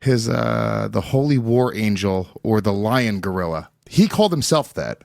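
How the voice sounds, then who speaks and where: A man co-hosting a podcast in casual chat, teasing and excitable, reading out news items. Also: on the low side, normal speed, gravelly, no echo, studio quality. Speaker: podcast co-host.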